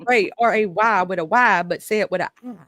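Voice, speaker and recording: A Southern US woman hosts a relaxed live-stream chat, joking and laughing as she talks. Her voice sounds dry and close to the mic, with no room around it. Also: medium pitch, a little fast, no room sound. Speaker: host.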